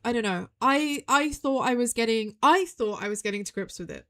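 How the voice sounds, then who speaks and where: High-voiced woman streaming a puzzle game. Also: fairly quick. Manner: excitable, thinks aloud, repeats her own phrases. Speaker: VTuber streamer. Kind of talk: live game stream commentary.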